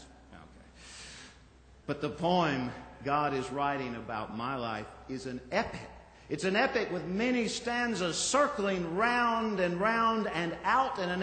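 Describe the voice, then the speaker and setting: A male pastor giving a sermon in a church, reflective and gently conversational, with small asides to the congregation. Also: high voice. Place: church sanctuary. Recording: echoey hall from far off.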